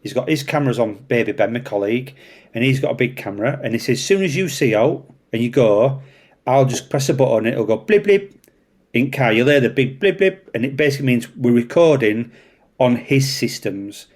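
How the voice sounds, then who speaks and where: A man with a Yorkshire accent, a traffic police officer telling a story in casual chat, animated and swearing freely. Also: mid-range voice, a little fast. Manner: animated, swears freely, acts out voices in anecdotes.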